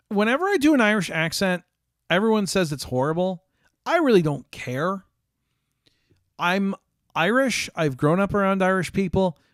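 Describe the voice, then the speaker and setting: A man's voice: on the high side, clean tone, no echo, studio quality. An American man hosting a casual stream, chatting with viewers in a rambling way with frequent ums and restarts. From United States.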